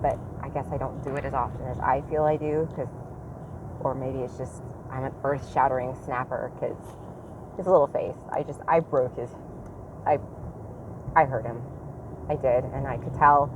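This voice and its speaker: A woman in her thirties speaks in a low, deep voice in a casual personal vlog. She talks candidly, rambling and reflecting on herself. Street traffic and a passing train are clearly heard behind her outdoors. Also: lo-fi sound. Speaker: parent vlogger. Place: outdoors near a train line.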